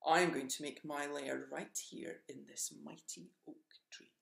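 A huge fire-breathing dragon from a picture book, stubborn and possessive, snarling his claims, as a reader puts him on. His voice has a gravelly edge. The room around him rings with echo. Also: mid-range voice, fairly even intonation, a little slow, a bit bright.

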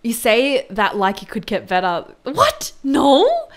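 A woman with a high, bright-toned speaking voice chats casually with her viewers as a streamer. She talks in a giggly, playful way, often breaking into high squeals of surprise. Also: huge pitch swings, measured pace. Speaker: music streamer.

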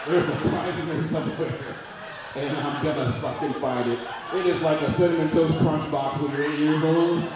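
A man in his forties doing a loud, profane stand-up comedy routine at a live venue. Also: fairly high pitch. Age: 40s. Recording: echoey room, mic far off, audience noise.

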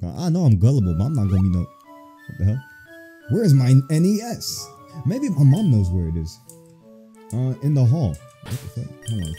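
Playing through a horror game on video, this gaming host cracks crude, profane jokes as let's play commentary. His voice sits in the mid range with a dark tone.

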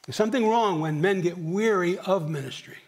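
A middle-aged male pastor preaching a sermon, swinging from near whispers to emphatic questions and clearing his throat often. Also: sits high, fairly quick, darkish tone. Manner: dramatic, dropping to near whispers and rising for emphasis; asks the congregation rhetorical questions. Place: church.

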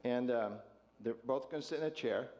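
A man's voice: medium pitch, fairly quick, darkish tone, dull audio. A man pastor leading an interactive sermon with volunteers, jovial and chuckling as he asks the congregation questions.

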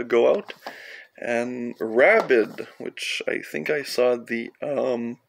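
Slow, gravelly Canadian film collector. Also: male voice, medium pitch, a little hiss or hum. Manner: rambling, profane, offhand asides. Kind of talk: casual collection walkthrough.

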